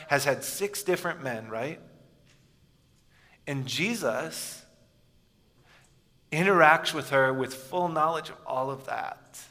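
Bright-voiced man preaching in a hall. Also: fairly high pitch. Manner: storytelling, often dropping soft and quiet for emphasis. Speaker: pastor. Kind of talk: sermon. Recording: echoey hall with long reverb.

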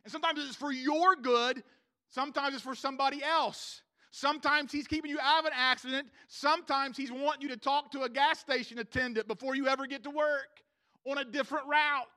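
A man preaching with a very high, bright and forceful voice. His delivery is loose and slangy, full of asides, and he keeps turning to the congregation for agreement. The sound is close and dry. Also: fairly even intonation, brisk, no room sound. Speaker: pastor. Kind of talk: sermon. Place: church room with a congregation.

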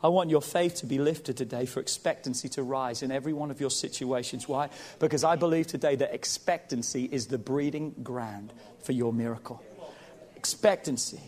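A man's voice: mid-range voice, moderate pace, darkish tone. A man preaching a sermon as pastor, building intensity and calling out to the congregation. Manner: preaching with rising intensity and call-and-response.

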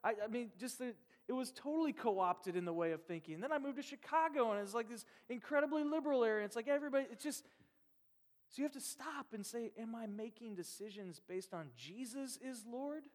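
A man from Nebraska preaching a sermon in a conversational, animated way, acting out quoted voices. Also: extremely high pitch, quick pace. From Nebraska, USA. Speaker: pastor. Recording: long hall reverb.

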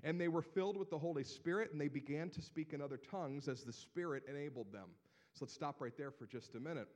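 Male pastor, Northeast Ohio accent, lively sermon delivery with a voice on the higher side. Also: fast talker. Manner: animated, building to loud emphatic proclamations.

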